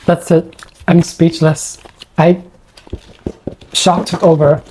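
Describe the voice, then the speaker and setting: A woman films an excited unboxing for her vlog, gushing and awestruck and shaky with excitement. Her voice sits a little low and sounds mellow and soft-edged. She keeps losing her words. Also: drawn-out words. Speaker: unboxing vlogger.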